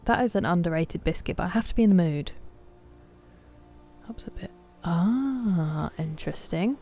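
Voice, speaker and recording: A young woman chats her way through a game stream, talking to viewers and reacting loudly when things go wrong. Her voice sits a little low for a woman, with faint music playing in the background. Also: animated, moderate pace. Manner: chatty, reacts loudly, talks to chat. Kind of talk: casual gameplay commentary.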